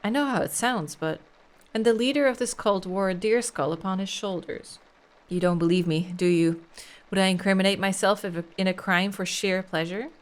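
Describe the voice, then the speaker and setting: A woman's voice: mid-range voice, normal speed, lightly acted. A woman voicing an earnest young Englishman who insists he is telling the truth, reading game dialogue aloud. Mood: insistent. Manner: insistent, defensive.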